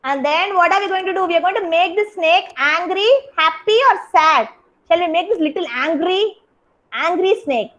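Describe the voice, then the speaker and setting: A young woman with an Indian English accent teaches a kindergarten craft class over a video call, praising each child by name. Her very high-pitched voice is pushed and bright, and the recording is rough.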